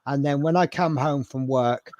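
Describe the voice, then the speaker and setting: A man's voice: medium pitch, moderate pace, darkish tone, no room sound. A man hosting a live model-building stream, chatting in a rambling, self-mocking way. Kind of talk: casual live-stream chat.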